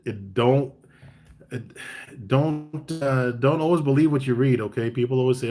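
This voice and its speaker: A man hosting a casual live-stream chat. He talks in a relaxed, chatty way, reads out viewer comments and gives tips between bits of banter. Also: mid-range voice, moderate pace. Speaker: barbecue caterer and live chat host.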